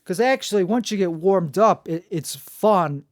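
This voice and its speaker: A man with a gravelly voice, hosting a rambling solo monologue in a jokey, self-mocking way. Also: high voice, animated, unhurried, dry recording, clean studio sound. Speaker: podcast host.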